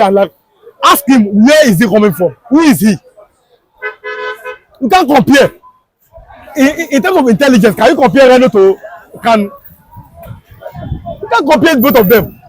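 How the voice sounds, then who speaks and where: High-voiced Nigerian man, emphatic and repetitive. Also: dry recording, rough recording. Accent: Nigerian, Yoruba. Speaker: street political commentator. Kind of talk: impassioned political commentary. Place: outdoors on a Lagos street.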